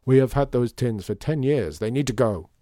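A man's voice: medium pitch, lively intonation, moderate pace, warm tone, no echo, clean studio sound, lightly acted. A man doing a stern, dogged old shopkeeper. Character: stern foreign older male shopkeeper, dogged.

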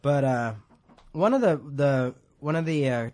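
A man's voice: mid-range voice, expressive, measured pace, darkish tone. A man preaching a casual, rambling sermon in a church, joking at his own expense and laughing often. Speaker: pastor.

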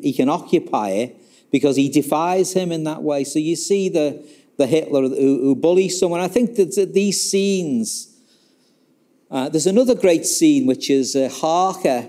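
A man's voice: mid-range voice, dark tone. A man talking casually about a history book, telling an episode as a story and acting out the quoted dialogue, with many restarts. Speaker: author discussing his book. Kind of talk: casual spoken history talk.

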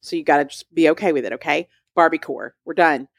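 A woman's voice: low-pitched, fast talker, no echo, studio quality. A woman co-hosting a pop culture podcast, talking in a sassy, emphatic, casual way. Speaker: podcast co-host.

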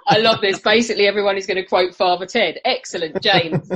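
A woman's voice: mid-range voice, fast, fairly bright tone. A woman hosting a casual panel chat, teasing her guests and laughing often. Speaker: podcast host.

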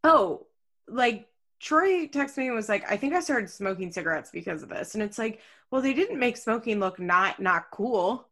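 A woman's voice: on the high side, lively intonation, moderate pace, fairly bright tone. A woman co-hosting a podcast in casual chat, with a mild speech impediment, talking in a loose, chatty way with lots of fillers and some swearing. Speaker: podcast co-host.

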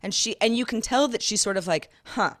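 A woman co-hosting a podcast, telling a story in casual chat and acting out the quotes in a higher voice. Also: fast. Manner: animated, acts out quotes in a higher voice. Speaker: podcast co-host.

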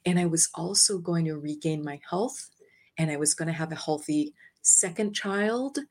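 Woman guest, lower voice, lively storyteller who acts out her own lines and laughs lightly. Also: moderate pace. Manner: laughs lightly between phrases. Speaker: interview guest, energy healer. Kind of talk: personal storytelling.

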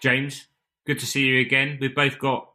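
A man's voice: mid-range voice, completely flat delivery, moderate pace, music in the background. A man hosting a cycling podcast, chatting and joking with his co-host in a casual way. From United Kingdom. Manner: chatty, jokey banter. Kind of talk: casual chat.

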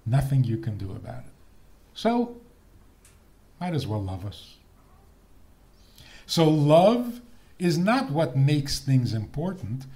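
A man's voice: a little high, warm tone. A man giving a humorous lecture on marriage, playful and chuckling at his own jokes.

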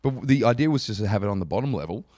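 A man's voice: on the low side, very fast, dry recording. Young guy on a podcast, swears a lot, laughs, voice bounces all over, dry close mic. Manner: swearing, laughing, lively storytelling. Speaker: podcast co-host. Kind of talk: casual podcast banter.

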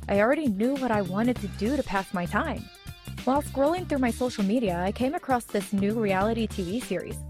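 A young woman narrating a first-person story in a chatty, dramatic way. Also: fairly high pitch. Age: young adult.

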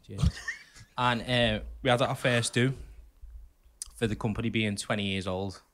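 A man's voice: fairly low pitch, steady tone, unhurried, fairly bright tone, slight background noise. A man, co-hosting a podcast and telling a rambling anecdote with plenty of swearing. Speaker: podcast co-host. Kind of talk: casual chat, storytelling.

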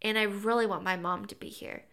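A young woman on a podcast, chatting casually and telling a birth story with animated acted-out quotes. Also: mid-range voice, brisk. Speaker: podcast co-host.

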